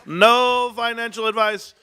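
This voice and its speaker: A middle-aged man hosting a livestream, ranting in a boastful, animated way with frequent laughs. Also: extremely high pitch, a little slow, faint music behind. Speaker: stock livestream host. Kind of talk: excited stream rant.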